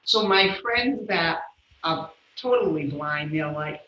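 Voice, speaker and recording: A woman guest in an interview, telling a personal story in an animated way and acting out the voices of the people in it. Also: low-pitched, takes it slowly, reverberant, dull audio, slight background noise. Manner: animated, acts out the voices of people in her stories. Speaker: guest, yoga instructor.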